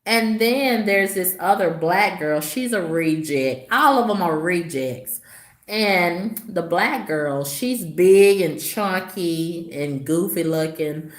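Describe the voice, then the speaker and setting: Slow, sassy woman in an echoey room. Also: expressive. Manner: sassy, gossipy storytelling with dramatic swoops in pitch. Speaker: vlogger. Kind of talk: casual vlog storytelling to viewers.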